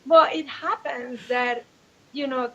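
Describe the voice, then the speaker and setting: A woman's voice: high voice, slow, muffled recording. Woman in her forties, candid. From Mexico. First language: Spanish. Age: 40s. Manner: open and expressive, many restarts. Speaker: guest life coach. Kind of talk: candid personal storytelling.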